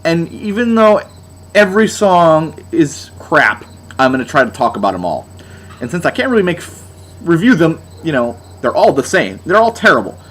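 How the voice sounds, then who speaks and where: A man's voice: on the high side, big pitch swings, moderate pace, a bit bright. A young man giving a sarcastic, exasperated album review, mocking as he goes.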